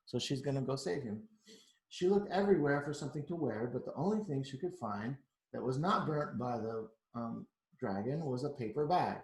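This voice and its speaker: A man reading a picture book aloud to children, pausing for chatty asides. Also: mid-range voice, roomy sound. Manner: chatty, adds asides to the kids.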